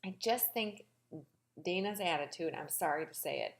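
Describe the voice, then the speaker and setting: A woman hosting a casual, gossipy recap of a reality show, sassy and animated. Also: moderate pace. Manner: animated, gossipy and sassy, with big pitch swings.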